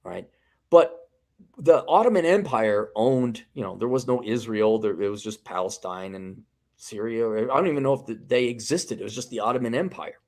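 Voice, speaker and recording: A man's voice: mid-range voice, expressive, normal speed, darkish tone. A man hosting a casual podcast chat, ranting heatedly with swearing and frequent restarts. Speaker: podcast host.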